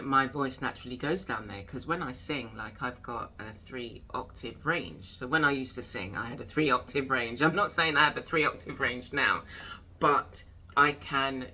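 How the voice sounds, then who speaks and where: A woman's voice: a bass voice, sharp tone. A woman hosting a casual chat about creativity, reflective and chatty. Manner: reflective, chatty, laughs often. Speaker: host.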